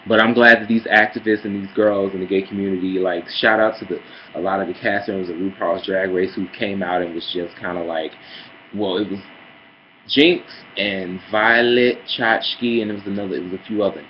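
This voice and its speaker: A man ranting sassily in a casual vlog, calling listeners girl and honey, heated and swinging between mutters and loud outbursts. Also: low voice, fairly even intonation, a little fast, dull audio, slight background noise. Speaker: vlogger. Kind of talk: casual opinion rant.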